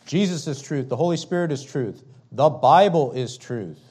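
With lively intonation and a slightly rough voice, a man preaches a fiery sermon at moderate speed. He is emphatic and repetitive, moving from loud declarations to hushed, low passages.

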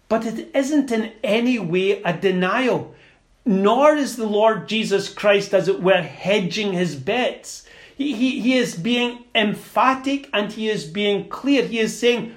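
Man, preacher, sermon, high voice, very slow, emphatic, stumbles over words now and then. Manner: slow, deliberate and emphatic, with small stumbles and repeats.

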